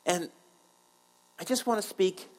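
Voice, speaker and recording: A man's voice: sits high, unhurried, rough recording. A man preaching a sermon in an earnest way, often repeating words and acting out prayers as quotes. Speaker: pastor.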